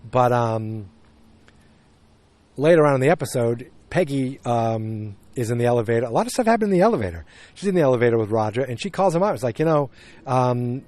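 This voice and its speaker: A man's voice: mid-range voice, lively intonation, fairly quick, darkish tone. A man hosting a podcast, casually recapping a TV episode and rambling with many fillers and restarts. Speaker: podcast host.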